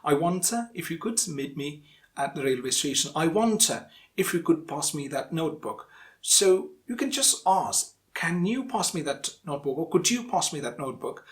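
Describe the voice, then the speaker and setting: A man gives an explanatory lesson. His voice sits a little above the usual male range. He speaks deliberately and repeats each example phrase for the learner. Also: a little high. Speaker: English teacher.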